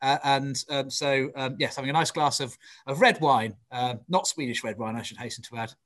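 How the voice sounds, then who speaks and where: Dry, bright-voiced man on a call. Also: mid-range voice, a little fast. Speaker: guest. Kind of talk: casual video-call chat.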